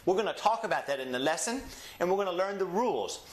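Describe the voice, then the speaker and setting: Male Spanish teacher, slightly high voice, slow drilled examples, echoey room. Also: animated. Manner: slow, drawn-out model pronunciations for students to repeat. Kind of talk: language lesson.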